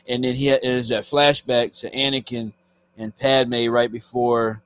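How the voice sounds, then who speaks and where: A man reading comics aloud on a live stream, casual and halting, stumbling over words and stopping to comment. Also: medium pitch, steady tone.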